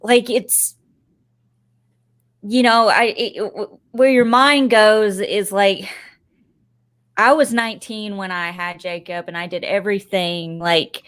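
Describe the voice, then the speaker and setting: A woman's voice: medium pitch, steady tone, takes it slowly, pauses often, a bit bright. A woman in her thirties chatting on a podcast, tearful and rambling as she tells a personal story. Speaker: podcast guest. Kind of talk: casual chat. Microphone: desk microphone.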